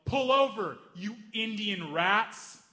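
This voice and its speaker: Figure: hotheaded young bully, voiced by a male comedian. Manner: yelling and belligerent. Pitch: raised high. Room: echoey. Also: lively intonation, a little fast. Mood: furious. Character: angry aggressive young man, hotheaded bully.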